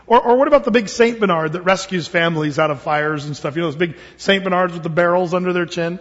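High-voiced man preaching in an echoey hall. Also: fast. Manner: animated storytelling, acts out voices, stammers and repeats words. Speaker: pastor. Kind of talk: sermon. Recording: dull sound with long hall reverb.

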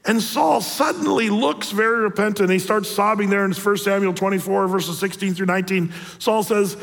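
Man in his 60s, pastor, conversational sermon, high voice, long hall reverb. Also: normal speed, creaky, hardly any pauses, fairly bright tone. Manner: conversational, storytelling, acts out quotes.

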